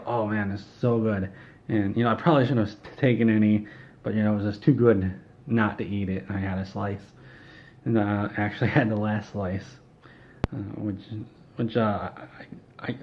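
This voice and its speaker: A man's voice: on the low side, dull audio. A man telling an absurd comedic story in a rambling, offhand way. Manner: rambling, offhand, with fillers and restarts.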